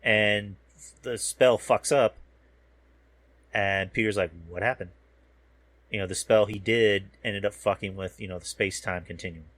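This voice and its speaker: Man, low voice, dry close sound, casual profane recap, rambling. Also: steady tone, normal speed, fairly bright tone, no room sound. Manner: rambling, profane, loses words mid-sentence. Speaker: podcast host. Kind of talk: casual recap while watching a show.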